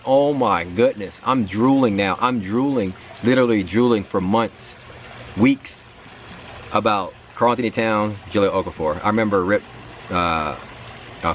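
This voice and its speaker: A man running a sports channel, telling a long story in casual commentary with lively asides and acted-out reactions. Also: lowish voice, slight background noise. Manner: animated storytelling, repeats words, acts out his own reactions.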